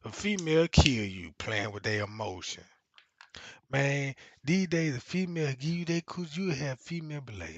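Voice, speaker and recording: A man's voice: very animated, moderate pace, dry recording, highs cut off. A man hosting a livestream, telling crude comic stories in a rambling way, swearing constantly and laughing as he goes. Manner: profane, laughs often, keeps asking "you know what I'm saying"; acts out quoted voices in exaggerated pitch. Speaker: comedic livestream host.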